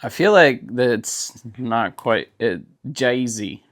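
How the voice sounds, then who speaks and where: A man who is a father, co-hosting a podcast and chatting casually with quick, amused asides. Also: mid-range voice, lively intonation, fairly bright tone. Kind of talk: casual chat.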